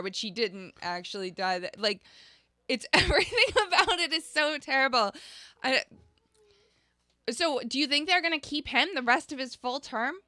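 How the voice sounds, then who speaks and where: A woman co-hosting a podcast, chatting casually about politics, often laughing and filling pauses with "like" and "um". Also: medium pitch, sharp tone, clear, resonant tone, no echo, clean studio sound. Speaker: podcast co-host.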